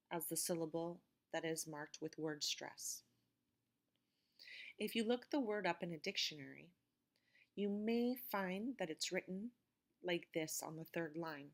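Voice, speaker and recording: A woman teaching an English vocabulary lesson, speaking words slowly and clearly to explain word stress. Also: on the low side.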